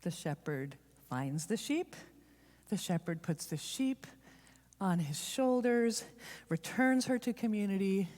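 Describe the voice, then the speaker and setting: A woman's voice: medium pitch, animated, a little mellow. Heartfelt woman preaching in a reverberant church. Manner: heartfelt, confessional, speeds up and slows down for emphasis. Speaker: church speaker. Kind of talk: personal storytelling sermon. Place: church sanctuary. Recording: long reverb of a large hall.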